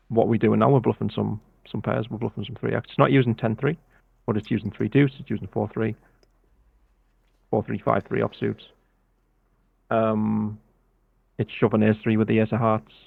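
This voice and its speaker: A British man coaching poker in a relaxed, step-by-step way over a video call. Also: lowish voice, gravelly, breathy edge, no room sound. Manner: relaxed, explains step by step with filler "yeah". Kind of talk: casual coaching explanation. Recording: tinny phone-like call audio.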